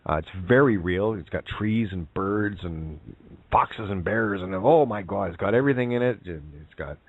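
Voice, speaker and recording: With a low voice, lively intonation, and normal speed, a man rambles through a relaxed spiritual talk on a call-in show, using many fillers and checking in with "right?". It comes over a tinny, dry phone line with no echo.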